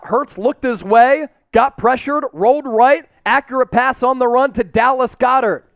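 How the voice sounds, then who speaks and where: A man hosting a fan watch-party stream, calling plays and reading out chat shout-outs with hyped cheers. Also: extremely high pitch, clean tone, no echo.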